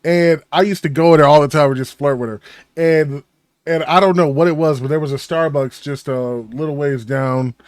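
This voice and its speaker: A podcast co-host chats casually, telling rambling stories and swearing freely. His voice is on the high side at normal speed, in a dry, studio-quality recording.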